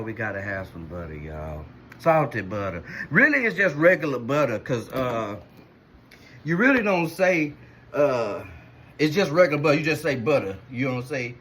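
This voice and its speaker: A man's voice: mid-range voice, fairly bright tone, a little hiss or hum. A man hosting a casual cooking vlog, chatty and slangy, calling his viewers y'all all the time. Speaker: cooking vlogger.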